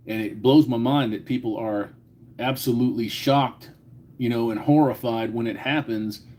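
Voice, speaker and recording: A man in his forties chats on his own live stream in a loose, rambling way. He swears freely and greets viewers by their chat names between his thoughts. His pitch is ordinary for a man. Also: mellow. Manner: profane, rambling, reads chat names aloud. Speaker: livestream host.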